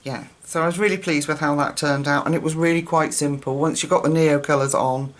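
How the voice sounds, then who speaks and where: A woman's voice: deep voice, steady tone, a little fast. A grandmother chatting casually on her coloring channel, rambling and enthusiastic as she shows her pages. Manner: chatty, rambling, self-correcting, warmly enthusiastic.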